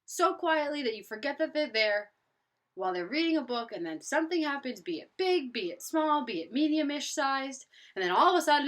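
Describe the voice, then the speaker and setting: Young woman, book vlogger, casual monologue; slightly high voice, animated, rambling delivery. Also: fairly quick. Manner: animated, rambling, acts out gasps and quotes.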